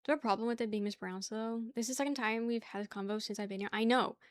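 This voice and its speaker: A young woman with a New York accent chats with her viewers in a slightly high voice. She teases and argues playfully and laughs often. The sound is dry and close. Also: fairly even intonation, rapid-fire, no echo. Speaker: streamer. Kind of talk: casual chat with viewers.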